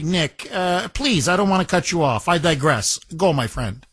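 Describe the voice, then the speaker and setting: A man's voice: on the high side, lively intonation, moderate pace, a bit bright, breathy edge, dry recording. A man hosting a call-in talk radio show, emphatic and combative, joking with his callers. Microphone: studio microphone.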